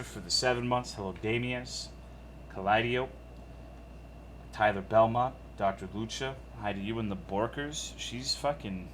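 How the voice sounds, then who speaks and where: Male streamer, lowish voice, laid-back, profane, reading chat names. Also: a bit bright, slight background noise. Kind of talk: casual live-stream chat.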